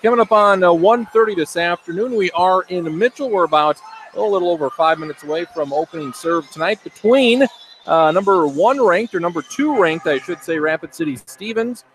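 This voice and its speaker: Male sports announcer, slightly higher voice, loose conversational pre-game talk, faint room hum. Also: expressive, a little fast, poor audio. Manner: conversational with frequent fillers and self-corrections. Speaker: play-by-play announcer.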